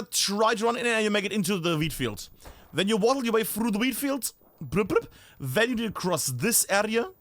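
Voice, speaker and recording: A man's voice: high voice, a bit bright, no room sound. A man streaming a game live, chatting and thinking aloud as he looks around a map, often breaking off mid-sentence.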